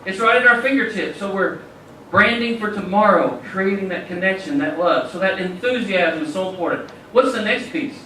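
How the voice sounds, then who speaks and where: Speaking at a normal speed, the keynote speaker is animated, his high voice bright and forceful while he preaches and shares stories to inspire the conference crowd. Slight background noise and a far-off, echoey hall color the sound.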